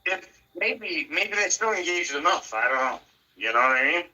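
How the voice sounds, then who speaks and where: A man's voice: fairly high pitch, expressive, normal speed, sharp tone, slightly rough. A man chatting casually in a laid-back, slangy way, his voice sounding distant from the mic. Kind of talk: casual chat.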